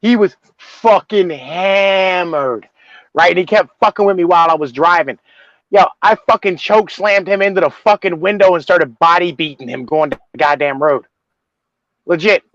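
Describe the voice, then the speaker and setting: A man's voice: high-pitched, normal speed, a bit bright, dry recording. A man chatting casually and brashly, swearing in almost every sentence. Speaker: guest. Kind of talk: casual profane chat. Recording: dull, dry lo-fi audio.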